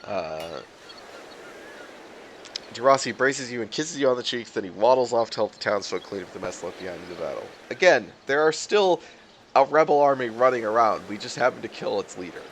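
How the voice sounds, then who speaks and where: A man's voice: mid-range voice, animated, brisk, a bit bright, slight background noise. A man streaming a video game, reading its text aloud and making sarcastic, profane, rambling comments. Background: game music.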